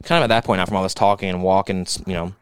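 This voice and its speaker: Fast-talking young man ranting on a podcast. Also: deep voice, clean tone, no room sound. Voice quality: fast, animated, mock-angry rants. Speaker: podcast co-host. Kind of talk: profane comedic podcast banter.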